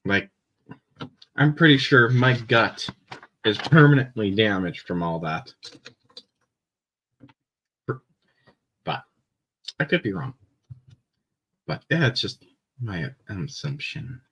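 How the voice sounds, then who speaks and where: A young Canadian man with a Canadian accent chatting casually on a live stream, rambling with many fillers and pauses. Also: fairly low pitch, expressive, a bit bright, slightly rough, rough recording.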